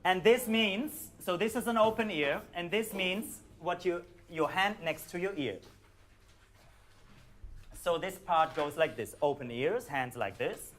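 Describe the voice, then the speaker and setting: A man with a German accent, calmly guiding a live audience through a performance score, with hesitant fillers. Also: high voice, a little slow. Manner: calm, instructive, hesitant with fillers.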